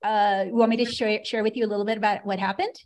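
A middle-aged American woman shares a personal story as a podcast guest. Her voice sits at an ordinary pitch. She tells it with a dry, sarcastic wit. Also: fairly even intonation, fast, a little mellow. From United States. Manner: sarcastic, wry.

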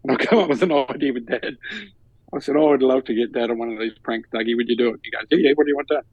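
An Australian man co-hosting a podcast tells a story in casual chat, animatedly acting out the voices of the people in it and laughing. His husky, medium-pitched voice is very fast, and the recording is muffled with no echo.

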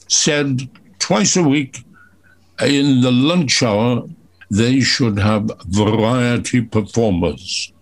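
An older man from Wales, a veteran entertainer, tells stories slowly with dry humor in a radio chat. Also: mid-range voice. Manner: slow, measured storyteller with dry humor.

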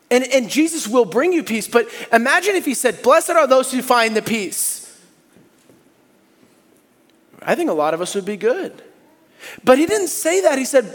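High-voiced man preaching in a reverberant hall. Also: moderate pace. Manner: animated, swings from hushed to loud and high when acting out people. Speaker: pastor. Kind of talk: sermon. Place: church sanctuary.

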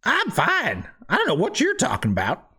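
A man plays a character at a tabletop game, talking playfully. His pitch swings far up and down from one phrase to the next. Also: huge pitch swings, moderate pace, pushed and bright, breathy edge. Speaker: player.

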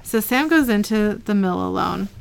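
A chatty woman at a middle pitch recaps a TV episode in easy, casual podcast talk. She moves through the story quickly and reads each line of dialogue straight, without putting on voices. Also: expressive, vocal fry, smooth. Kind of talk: casual retelling.

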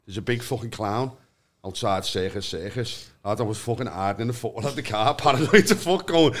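A man's voice: medium pitch, fairly quick, crowd noise. A man, a guest on a casual podcast chat, telling stories full of swearing and often laughing through his own words.

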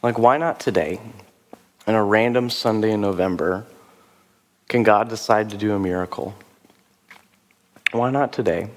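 A man preaching as a pastor, talking in a loose, conversational way with rhetorical questions and fillers, his voice rough from a sore throat. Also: fairly low pitch, normal speed, long pauses, long reverb tail, slight background noise. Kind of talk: sermon with altar call. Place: church service.

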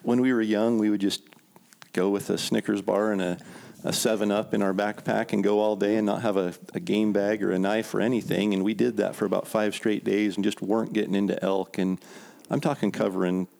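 A man's voice: fairly low pitch, flat delivery, brisk, creaky, a little mellow. A man guest on a podcast, telling stories in a laid-back way and laughing often. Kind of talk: casual storytelling.

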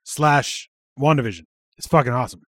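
A man's voice: medium pitch, brisk, fairly bright tone, no room sound, studio quality. A man hosting a casual podcast chat, laughing often and swearing freely. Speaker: podcast host.

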